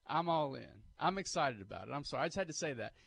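A man, co-hosting sports talk radio on a studio mic, animated and pushing emphatic hot takes. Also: a little high, quick pace, creaky, breathy edge. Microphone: studio microphone.

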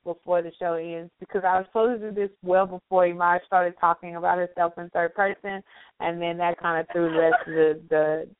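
A woman co-hosting a late-night radio talk show, chatting casually and reading shout-outs. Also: lowish voice, fairly even intonation, a little fast, dry recording. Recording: dry phone-line sound.

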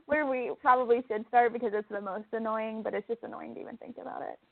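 A woman co-hosts a casual chat in a fairly high voice, animated and quick to laugh. She gets heated and emphatic as she talks. The sound is thin and phone-like, with a dry, close feel. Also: vocal fry, no echo. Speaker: podcast co-host. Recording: tinny phone-like line, dry.

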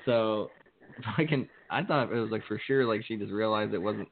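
A man's voice: lowish voice, normal speed, creaky, a little hiss or hum. A young man co-hosting a podcast, telling a story in casual profane chat and laughing often as he talks. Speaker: podcast co-host. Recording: tinny phone-like sound.

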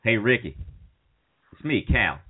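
A man's voice: on the low side, sing-song, a little slow, husky, exaggerated voice. A man doing an impression of a goofy young buddy pleading at a friend's sickbed, in a put-on drawl. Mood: rambling confession. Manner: pleading, rising to frantic yelps. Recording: phone-like call audio.

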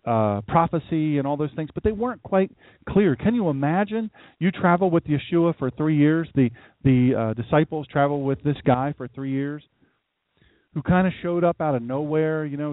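A man preaching a casual sermon as a pastor, telling stories in an animated way and acting out voices, often jumping high for emphasis. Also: dry recording. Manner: animated storytelling, acts out voices, jumps to high pitch for emphasis. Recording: tinny phone-like dry sound.

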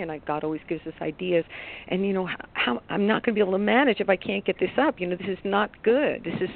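A woman coach on a radio talk show, telling a personal story in an animated, rambling way with bursts of excitement. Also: on the low side, fast talker, creaky, a little hiss or hum. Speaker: life coach guest. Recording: tinny phone line.

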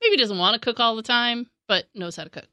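Bright, laughing woman telling stories. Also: on the high side, brisk, no echo. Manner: animated storytelling, laughs often, acts out quotes. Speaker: podcast co-host. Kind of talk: casual chat.

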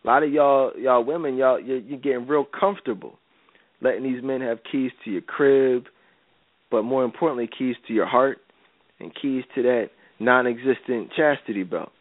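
On a faith-based advice radio show, the male host speaks in a mid-range voice at a moderate pace. His style is casual, slangy, and preachy, and he keeps asking "you know what I'm saying." The audio is dry and tinny, like phone-quality radio.

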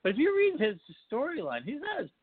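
Halting male podcast host, tinny line. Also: very high voice, huge pitch swings, no echo. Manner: rambling, halting questions. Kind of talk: casual interview.

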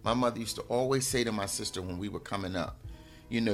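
A low-pitched man speaks as a life coach in a heartfelt motivational talk. His delivery is gentle and reflective, often pausing to ask "right?", with faint music playing underneath. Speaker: life coach and show host.

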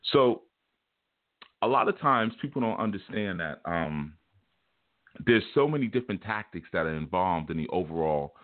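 Man, spiritual teacher, folksy and chuckling, low voice, tinny phone-like audio. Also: no echo. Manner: folksy, chuckling, colloquial storytelling. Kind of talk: informal spiritual teaching talk. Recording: tinny phone-like dry recording.

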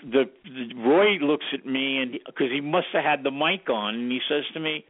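Lively storytelling man on a tinny line. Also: medium pitch, normal speed, hardly any pauses. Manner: animated storyteller who acts out quoted dialogue. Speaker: guest, former recording studio sound engineer. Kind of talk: casual anecdotal storytelling in an interview. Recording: tinny phone-like radio audio.

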